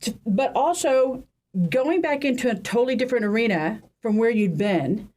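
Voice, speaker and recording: A woman's voice: on the high side, lively intonation, normal speed, darkish tone. A woman co-hosting a podcast who asks a guest long, earnest questions and often restarts her sentences as she talks. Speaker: podcast co-host. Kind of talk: interview questions.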